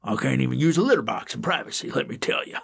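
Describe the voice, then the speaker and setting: A man's voice: medium pitch, lively intonation, fast, creaky, a bit bright, slightly rough, voice pushed up, full character voice. A man voicing a chatty, forgetful old male house cat who rambles and repeats himself in a children's audiobook.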